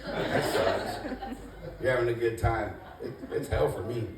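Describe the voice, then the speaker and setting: A measured pace and big swings in pitch mark this man's medium-pitched voice. In his first stand-up set, he rambles in a laid-back way around a comedy club stage, making fun of himself and saying "you know" a lot. The audio is noisy and echoey, with the mic placed at a distance.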